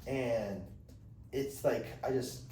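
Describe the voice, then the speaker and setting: Speaking slowly in a dark, medium-pitched voice, a young man hosts a podcast and spins a long, meandering tale full of slang and acted-out quotes. It's casual chat, recorded from a distance in an echoey room with a little background noise.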